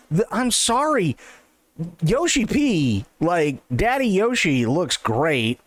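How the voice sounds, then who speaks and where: A man's voice: high voice, big pitch swings, slow pace, no echo. A man hosting a livestream, giving casual reaction commentary, repeating himself and stumbling over restarts. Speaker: livestream host reacting to an interview.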